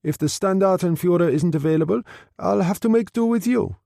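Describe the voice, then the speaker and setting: A man's voice: high-pitched, fairly quick, creaky, mellow, dry recording, studio quality, voice pushed up. A man doing a cold, clipped German captain. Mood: commanding.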